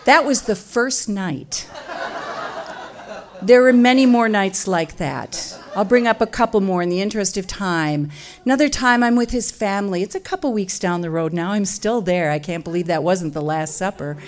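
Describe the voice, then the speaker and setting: A middle-aged woman from Wisconsin, telling a comic personal story in an animated, self-mocking way. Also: normal speed. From Wisconsin, USA. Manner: animated, self-mocking, jumps into loud high quoted voices.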